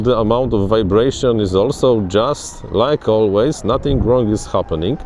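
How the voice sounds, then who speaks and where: A man talks his way through a drone test flight out on the grass, excitable and given to repeating himself. His voice sits in a middle register. Faint outdoor noise runs under his words. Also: medium pitch. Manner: chatty, restarts words, excitable. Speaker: FPV drone reviewer. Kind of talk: casual outdoor flying commentary.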